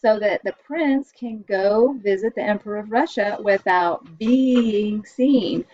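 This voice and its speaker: A woman from the United States, an elementary school music teacher, explaining composers and the orchestra to children in a cheerful, clear way. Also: medium pitch, a little mellow, dry recording, highs cut off. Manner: cheerful, explains slowly for kids.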